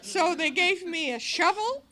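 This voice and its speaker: A woman's voice: very high-pitched, expressive, unhurried, bright, forceful tone. A woman telling her recovery story to an audience in a meeting hall, animatedly acting out her past cries and other people's lines. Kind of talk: personal recovery talk to an audience.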